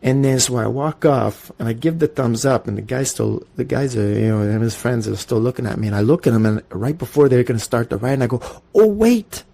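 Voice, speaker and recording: A Canadian man in his forties, a podcast host telling casual, profane stories in an animated way. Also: medium pitch, quick pace, vocal fry, few pauses. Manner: animated, profane, storytelling with acted-out quotes. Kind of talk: casual storytelling monologue.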